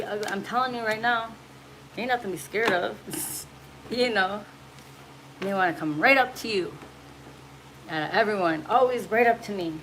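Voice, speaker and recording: Blunt, preachy woman in noisy audio. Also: mid-range voice. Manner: blunt, preachy, swears freely. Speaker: spiritual message reader. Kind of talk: casual livestream talk. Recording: noisy home recording.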